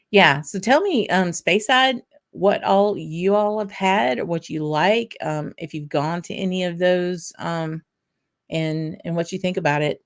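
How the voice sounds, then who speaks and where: A chatty woman with a Southern US accent hosts a relaxed whisky show, her voice sitting low for a woman. She rambles along with plenty of ums and light laughs, stopping now and then to savor a sip. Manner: tasting and sipping between remarks. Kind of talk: casual livestream chat.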